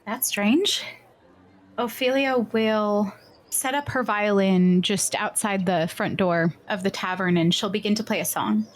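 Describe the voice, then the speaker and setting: A woman player describing her character's actions in a tabletop game, calm and descriptive. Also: medium pitch, a little slow.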